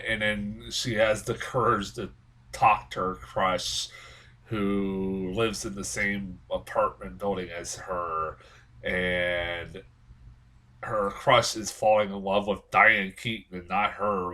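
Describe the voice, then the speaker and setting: A man's voice: sits low, steady tone, a little slow, pushed and bright. A man giving a casual, rambling movie review, swearing often and sounding exasperated, with plenty of fillers. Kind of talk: casual spoken film review.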